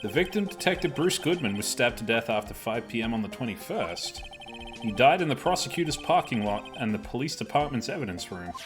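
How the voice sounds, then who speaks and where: A woman's voice: extremely low pitch, sing-song, a little fast, music in the background. A woman doing a flustered young defense lawyer. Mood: unsure. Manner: flustered, hesitant. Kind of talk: live fan dub of a game.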